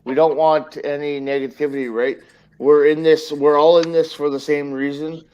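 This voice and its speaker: Guy with a slightly high voice, blunt, wants everyone to get along. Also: level tone, normal speed, a little mellow, clear, resonant tone, highs cut off. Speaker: panelist. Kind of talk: casual online panel chat.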